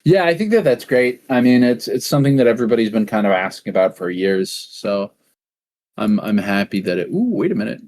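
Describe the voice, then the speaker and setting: A man's voice: lowish voice, expressive, a little fast, a little mellow. Swearing, joking male podcast host. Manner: rambling, joking, swears often. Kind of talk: casual chat.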